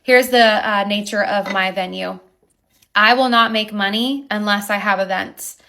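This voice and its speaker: A woman who owns a wedding venue, telling an animated, indignant account of a dispute with her neighbors. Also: mid-range voice, unhurried. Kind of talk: recounting a neighbor dispute to camera.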